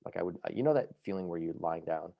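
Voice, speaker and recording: Podcast guest: a very low-pitched, dark-toned man recounting his story at a brisk clip in a dry, close sound. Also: gravelly, no room sound, lo-fi sound. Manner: fast, lively, full of fillers like "you know" and "like". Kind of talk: animated personal storytelling.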